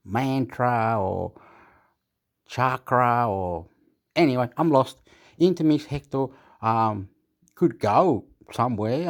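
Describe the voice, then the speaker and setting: A man rambling in a casual vlog monologue, repeating himself and jumping between thoughts. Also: mid-range voice. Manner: repetitive, rambling, erratic. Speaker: YouTube vlogger. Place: Australia.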